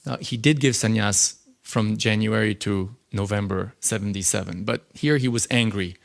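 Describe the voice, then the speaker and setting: A man teaching a scripture class in a temple, lecturing in an animated, conversational way with frequent fillers. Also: fairly low pitch, moderate pace, gravelly, hardly any pauses.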